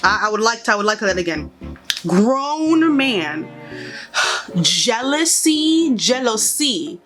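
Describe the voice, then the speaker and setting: A woman's voice: medium pitch, lively intonation, slow, a bit bright, soft background music. A young woman chatting casually while doing her makeup, giving rambling, opinionated commentary with exasperated asides. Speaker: beauty and pop culture vlogger.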